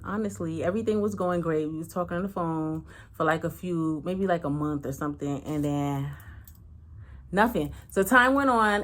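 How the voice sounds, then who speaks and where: A woman tells a personal story casually. She talks frankly and slangily, swears freely, and acts out each person's lines. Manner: animated, acts out every voice with big pitch swings. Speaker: channel host.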